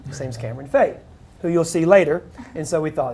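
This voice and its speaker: A man co-directing a web series, talking on a live panel with quick joking asides. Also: fairly high pitch, a little mellow. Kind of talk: casual panel talk.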